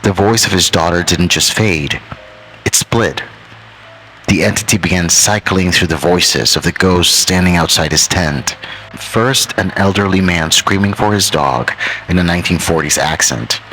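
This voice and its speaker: A man narrating a horror story in a measured, ominous way, drawing out key phrases. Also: sits low, pushed and bright, slight background noise, rough recording.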